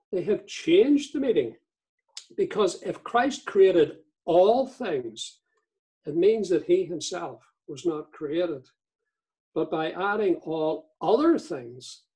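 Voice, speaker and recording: A man delivering a teaching sermon in a church, measured and deliberate, reading quotations aloud. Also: fairly high pitch, slightly rough, low-quality recording. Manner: measured, reads court transcript and scripture aloud. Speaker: visiting speaker on cults.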